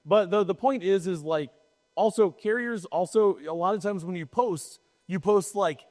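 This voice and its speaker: A man's voice: sits high, moderate pace, a little mellow, big-room sound. A man co-hosting a podcast in casual chat, talking in a rambling, emphatic way and often restarting his sentences. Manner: rambling, self-interrupting, emphatic. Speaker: podcast co-host.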